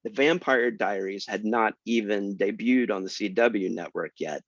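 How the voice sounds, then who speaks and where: Male guest author, lower voice, lively self-deprecating storyteller; dry, muffled call sound. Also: normal speed, dry recording. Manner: animated, self-deprecating, jumps in pitch for emphasis. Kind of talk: casual storytelling talk.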